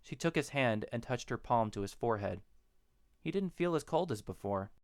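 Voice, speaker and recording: A man narrating a story in a steady, even storytelling manner. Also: medium pitch, moderate pace, no echo. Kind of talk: audiobook narration of a fan story.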